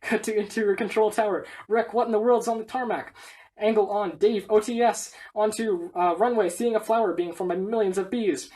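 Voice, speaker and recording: Brief: woman reading a script aloud, brisk and matter-of-fact, stage directions and all. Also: mid-range voice, steady tone, warm tone.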